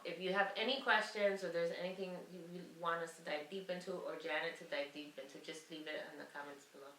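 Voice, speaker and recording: A woman's voice: on the low side, fairly even intonation, fast, fairly bright tone, echoey room, far from the mic, rough recording. A woman guest on a casual podcast, explaining spiritual ideas in a rambling way, searching for words and laughing often. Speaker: guest, Akashic Records reader.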